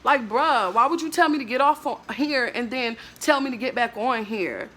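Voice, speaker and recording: A woman's voice: on the high side, normal speed, a bit bright. A woman vlogger in an emotional monologue to camera, ranting in a blunt, emphatic, profane way and leaning on fillers like "like, bruh".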